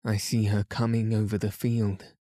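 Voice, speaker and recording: A man reading aloud and voicing a delirious young girl who pleads in a fever, speaking softly and slowly. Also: fairly low pitch, flat delivery, no echo, studio quality, natural voice. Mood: frantic.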